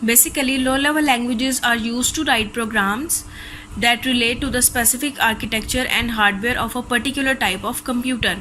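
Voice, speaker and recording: A woman's voice: a little high, steady tone, a little fast, pushed and bright, a little hiss or hum, rough recording. A woman teacher with a Pakistani accent, reading a recorded class lecture steadily from textbook notes.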